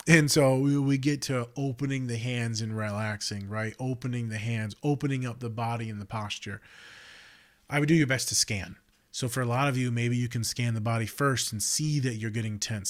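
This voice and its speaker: A man hosting a podcast, a counselor talking in a blunt, profane and animated way that swings from loud outbursts to quiet reflection. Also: mid-range voice. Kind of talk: casual monologue.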